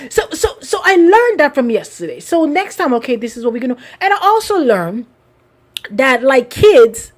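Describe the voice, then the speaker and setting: A woman giving a live sermon, telling personal stories in an animated way. She often restarts her phrases and speaks straight to the congregation. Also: sits high. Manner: animated, repetitive restarts, addresses congregation directly. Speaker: preacher.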